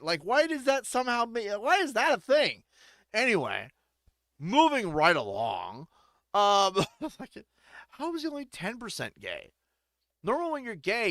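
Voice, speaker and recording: A streamer riffs through casual gameplay commentary with crude humor and frequent laughter. The pitch swings widely from line to line. The sound is dry and close, with little room echo. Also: a bit bright.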